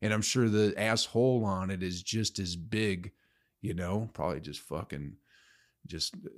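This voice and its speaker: Crude ranting man, low voice. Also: a little slow. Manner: crude, profane, sarcastic ranting with sudden loud outbursts. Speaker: podcast host. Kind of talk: solo ranting podcast monologue.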